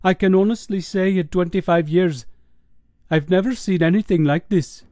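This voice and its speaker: Brief: polite middle-aged doctor with an Indian accent, raised pitch and mellow tone, put on by a male narrator. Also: normal speed, no echo, clean studio sound, close to an everyday voice. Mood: formal concern. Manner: formal, courteous phone manner. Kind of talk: audiobook character voice.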